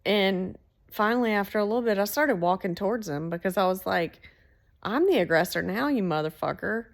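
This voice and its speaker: A woman telling a story in a casual, animated way, swearing freely. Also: medium pitch, a little fast, creaky. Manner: animated, swearing, laughs between lines.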